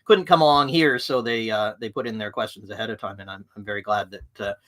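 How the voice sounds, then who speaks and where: Guy with a bright voice running a live webinar, plain-spoken and direct. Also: fairly low pitch, quick pace. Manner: frank, direct. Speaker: livestream presenter on management.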